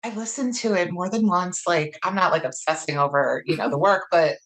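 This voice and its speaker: A woman's voice: on the low side, a little fast, fairly bright tone. Upbeat woman contest organizer. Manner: upbeat, explaining with many fillers. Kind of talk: casual podcast chat.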